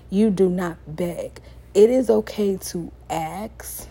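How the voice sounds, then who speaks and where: A woman's voice: mid-range voice, slow pace, husky. A young woman hosting a casual solo advice podcast, sassy and conversational, tired late at night. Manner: sassy, conversational, animated asides. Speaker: podcast host.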